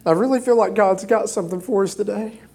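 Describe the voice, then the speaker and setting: A man's voice: high-pitched, creaky, darkish tone, husky. Emotional, earnest male preacher. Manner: earnest, halting with frequent fillers. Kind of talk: informal sermon. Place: church stage.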